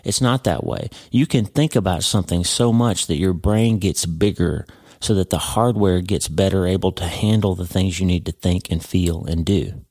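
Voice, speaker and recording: A man's voice: deep voice, normal speed, darkish tone, husky, dry recording, clean studio sound. A man hosting a podcast, giving an earnest devotional teaching and speaking to the listener as a friend. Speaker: podcast host.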